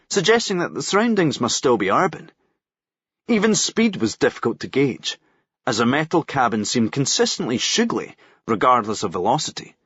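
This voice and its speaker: Man narrating with a lively voice. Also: medium pitch, breathy edge, no echo. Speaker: audiobook reader. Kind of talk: audiobook narration. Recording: dry, muffled lo-fi recording.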